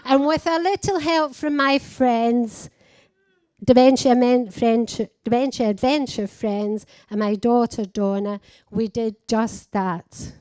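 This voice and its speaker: An older woman with a Scottish accent giving a slow, heartfelt personal speech at a conference. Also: fairly high pitch, a little mellow, no room sound. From Scotland. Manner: slow, simple heartfelt phrasing. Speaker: conference speaker living with dementia. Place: conference hall.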